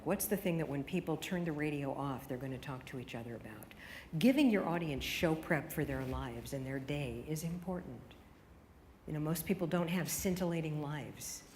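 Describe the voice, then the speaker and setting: A woman's voice: low-pitched, normal speed, a little mellow, slight background noise. A woman radio consultant giving a conference keynote, firing off emphatic rhetorical questions at the audience. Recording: hall reverb with faint room ambience.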